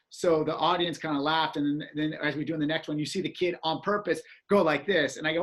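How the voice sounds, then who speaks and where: A man telling a story in casual chat, animated and acting out reactions with exclamations. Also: fairly high pitch, quick pace.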